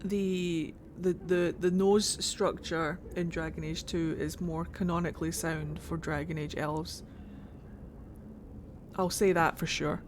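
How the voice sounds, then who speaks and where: A woman's voice: lowish voice, level tone, takes it slowly, slight background noise. Chatty woman streaming a game. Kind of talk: casual game commentary.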